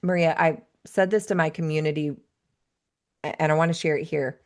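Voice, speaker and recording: Low-voiced woman coach, earnest. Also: fairly even intonation, fairly quick. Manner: earnest, reflective storyteller. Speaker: podcast guest, life coach. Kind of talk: conversational interview.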